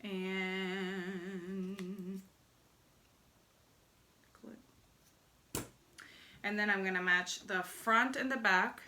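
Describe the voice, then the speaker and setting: Bright-voiced chatty woman teaching sewing. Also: mid-range voice, normal speed, few pauses, a little hiss or hum. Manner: chatty, jokey asides to viewers while working. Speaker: sewing pattern instructor. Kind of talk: casual sewing tutorial.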